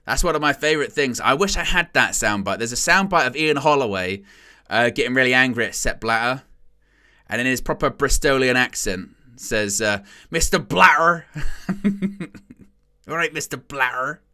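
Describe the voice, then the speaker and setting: A man talks through a football match in a relaxed, chatty way, with a bright, forceful voice. He's wry about the game and gets loud and excited when a chance comes. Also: medium pitch, normal speed. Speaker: watchalong match commentator. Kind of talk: casual live match commentary.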